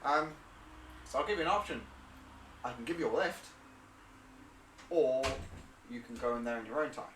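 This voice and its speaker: A man's voice: mid-range voice, normal speed, long pauses, a bit bright, slight background noise, natural voice. A man voicing a scruffy bearded male wizard who swears and gets flustered, recorded a little far off in an echoey room. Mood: brisk. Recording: roomy and distant.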